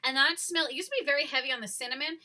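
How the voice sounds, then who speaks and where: A young woman co-hosting a casual podcast, chatty and rambling, quick to laugh. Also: high voice, bright, forceful tone. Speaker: podcast co-host. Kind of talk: casual chat.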